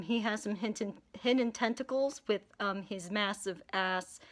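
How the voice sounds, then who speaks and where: A woman chatting casually about a character she created, rambling with many fillers, giggling often and swearing freely. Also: mid-range voice. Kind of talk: casual chat.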